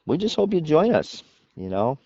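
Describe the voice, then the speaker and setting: A man's voice: a little high, big pitch swings, normal speed, a little mellow, husky, highs cut off. A man co-hosting a casual chat show, talking at length and laughing often. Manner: chatty, laughs often, wordy. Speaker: podcast co-host.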